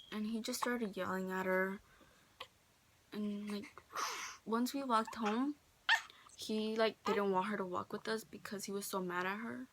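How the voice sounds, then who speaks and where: In a casual vlog filmed in a friend's bedroom, a teenage girl chats through a personal story, full of "like," doing the quotes of others in her own voice. Her voice is medium in pitch, and the background is noisy.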